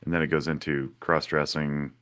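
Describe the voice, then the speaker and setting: A man's voice: a bass voice, little pitch movement, moderate pace, a bit bright. A man hosting a podcast interview over a video call, asking loose, rambling questions full of restarts. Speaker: podcast host. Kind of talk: casual interview chat.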